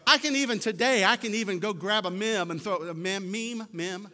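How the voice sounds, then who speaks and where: A man's voice: high voice, normal speed, bright, forceful tone. A man preaching a sermon in a church, emphatic and folksy, repeating words for stress. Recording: long hall reverb.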